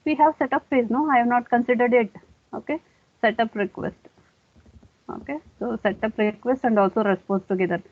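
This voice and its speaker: A woman's voice: fairly high pitch, fairly quick. A woman giving a classroom lecture, explaining step by step and often saying okay. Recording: dry, tinny phone-like sound.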